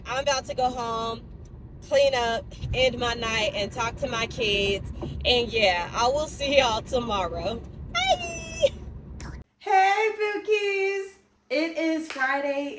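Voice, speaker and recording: A woman's voice: a little high, low-quality recording. A young woman fitness vlogger talking casually and animatedly to her viewers, recorded on a phone in her car and later in a gym locker room. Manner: chatty, animated, speaks to viewers as y'all. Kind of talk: casual chat to camera.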